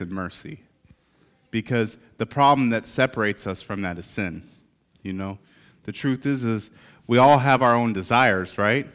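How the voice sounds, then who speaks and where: Man preaching a lively sermon. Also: on the low side. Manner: lively, calling out cheers. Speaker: pastor.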